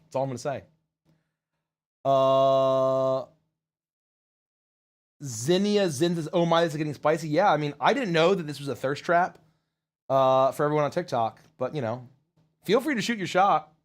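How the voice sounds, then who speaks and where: A man's voice: on the high side, expressive, measured pace, pauses often. A man, a voice actor and show host, chatting casually and rambling through viewer questions on a livestream. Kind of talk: casual livestream Q&A, reading chat.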